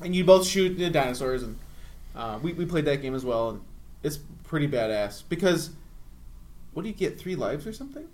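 A man's voice: fairly high pitch, very animated, fairly quick, a little mellow. A man in a laid-back podcast chat who swears casually.

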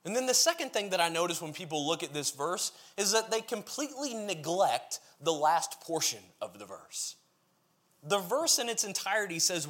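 A man's voice: high voice, big pitch swings, moderate pace, a bit bright. A man preaching a sermon, reading scripture aloud and then explaining it in an earnest, emphatic way, building his points as lists.

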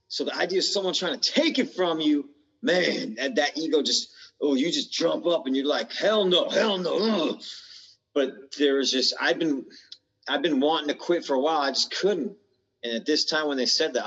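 A man's voice: mid-range voice, a bit bright, husky. A man from the United States, a podcast guest in recovery, telling his story candidly in blunt, slangy talk that swears freely. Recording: dull lo-fi sound with long reverb.

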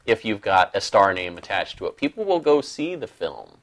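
A man co-hosting a podcast in casual chat, chiming in with quick agreement and repeating words as he starts sentences. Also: fairly low pitch, very animated. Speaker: podcast co-host.

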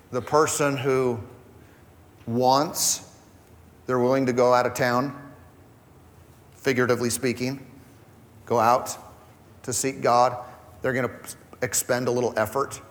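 A man's voice: mid-range voice, a bit bright, big-room sound. A man preaching a conversational sermon as pastor, acting out quoted voices as he goes. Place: church hall.

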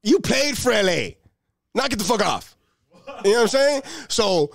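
A young man doing a profane, streetwise stand-up routine and breaking into shouted bursts. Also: high voice, big pitch swings, normal speed, gravelly. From Los Angeles. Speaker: stand-up comedian.

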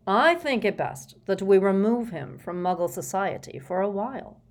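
A woman voicing a cold, brisk male wizard minister who speaks curtly and matter-of-factly. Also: high voice, very animated. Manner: curt, cold, matter-of-fact.

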